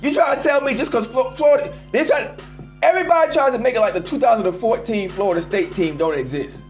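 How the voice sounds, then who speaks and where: High-voiced man ranting animatedly. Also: fast, soft background music. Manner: animated, emphatic, addresses listeners as y'all. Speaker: host of a live call-in show. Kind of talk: casual sports rant.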